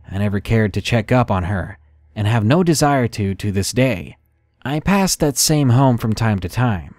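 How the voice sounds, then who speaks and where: A man reading a first-person horror story in a measured, dramatic narration style. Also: mid-range voice, darkish tone, no room sound, studio quality.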